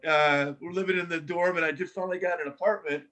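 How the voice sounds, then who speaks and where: An older man speaks as a guest in a relaxed interview, fairly high for a man. He tells his stories with animation and keeps restarting his sentences as he goes. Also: fast talker, poor audio. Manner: animated storyteller with many restarts. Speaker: guest, former coach. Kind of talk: casual storytelling interview.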